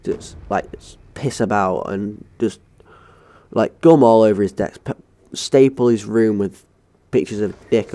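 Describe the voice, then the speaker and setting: A young Englishman with a low, gravelly voice telling a school story over gameplay. He sounds dark and mellow in tone, and his delivery is casual, rambling and sweary. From England. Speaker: gaming channel host.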